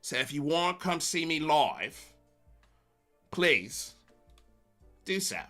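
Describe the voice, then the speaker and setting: A man's voice: a little high, very animated, slow pace, bright, forceful tone, soft background music, voice pushed up, exaggerated voice. A man putting on a hammy Cockney voice. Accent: Cockney, put on.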